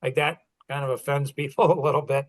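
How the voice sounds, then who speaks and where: A man's voice: a little high, steady tone, brisk, no room sound, poor audio. Rambling middle-aged man, close dry sound. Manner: rambling, many fillers and restarts, storytelling. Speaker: business coach and podcast host. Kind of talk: casual mentoring chat.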